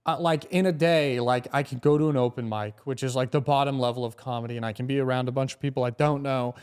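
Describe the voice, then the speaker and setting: A young man, a stand-up comedian, telling casual, animated stories and swearing freely. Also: mid-range voice, fast talker, smooth. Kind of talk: casual storytelling.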